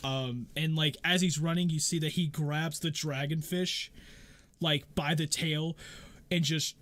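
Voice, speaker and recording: A man's voice: a little high, fairly even intonation, unhurried, a bit bright, no room sound. A man running a tabletop game as game master, narrating loosely with many fillers.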